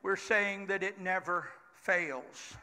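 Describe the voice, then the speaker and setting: An older man preaching a Pentecostal sermon in a church, leading the congregation in call-and-response and building up to shouts. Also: high-pitched, takes it slowly. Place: church sanctuary. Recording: church hall reverb with congregation.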